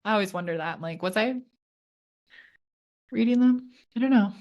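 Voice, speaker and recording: A woman co-hosting a podcast who tells her stories in a lively, chatty way. She talks at a middle pitch and fills her sentences with fillers and restarts. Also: normal speed, muffled recording. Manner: animated storyteller, lots of fillers. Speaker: podcast co-host. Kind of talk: casual chat.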